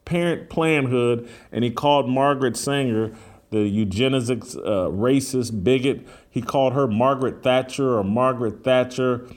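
A man's voice: medium pitch, normal speed. A man hosts his own talk show, talking straight to his audience in a fired-up monologue. He speaks with urgency and emphasis and often stops on filler sounds between his points.

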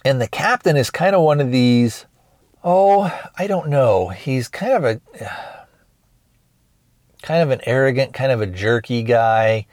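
A man's voice: medium pitch, a little slow, no echo. A man hosting a podcast, retelling a film plot in a rambling, hesitant way with many restarts. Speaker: podcast host. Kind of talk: casual movie review recap.

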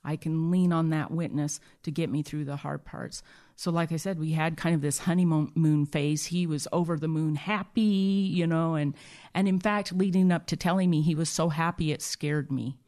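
A woman guest recounting a personal story in a halting way, with many restarts and fillers. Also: low voice, fairly even intonation, a little mellow. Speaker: interview guest.

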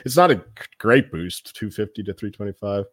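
A man's voice: on the low side, very animated, normal speed, slightly rough, no room sound, clean studio sound. A man co-hosting a sports betting podcast, laid-back and self-deprecating. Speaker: podcast co-host. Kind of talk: casual podcast chat.

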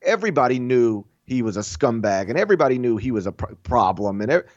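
Animated opinionated man on a podcast. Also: mid-range voice, quick pace, dry recording, muffled recording. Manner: animated, opinionated, acts out quoted voices. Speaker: college basketball podcast co-host. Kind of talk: casual podcast chat.

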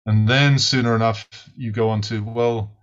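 A man's voice: on the low side, fairly even intonation, moderate pace. A British man, a podcast guest and author, explains ideas in a lecturing way, often checking in with "right?" and repeating words as he starts sentences. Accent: British English. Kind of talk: explanatory interview answer. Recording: muffled lo-fi audio.

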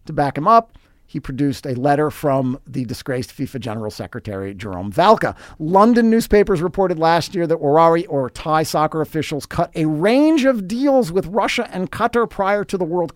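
A man delivers scripted sports commentary as a podcast host, his voice sitting a little high for a man. He is dry and sarcastic, dropping wry asides between facts. The recording is dry, with no room echo. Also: animated, moderate pace.

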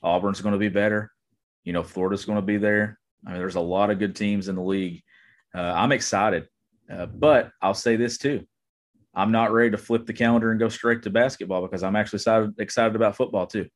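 A man's voice: on the low side, fairly even intonation, a little fast. A man co-hosting a sports podcast, chatting casually and enthusiastically from a remote spot. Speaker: podcast co-host. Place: remote, on vacation.

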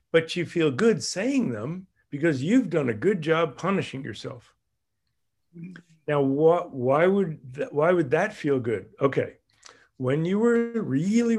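Animated man leading a group exercise. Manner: animated, acts out voices with big pitch jumps. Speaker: group leader.

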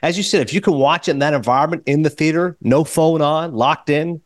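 A man in middle age hosting a casual podcast interview, rattling off stories at a quick clip. His delivery is animated and chatty. The sound is dry and close, with no room around it. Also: on the high side, no echo. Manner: fast, animated storyteller. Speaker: podcast host.

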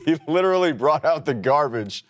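A man's voice: on the high side, animated, a little fast. A man co-hosting a casual sports podcast, ranting emphatically and swearing freely. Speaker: podcast co-host.

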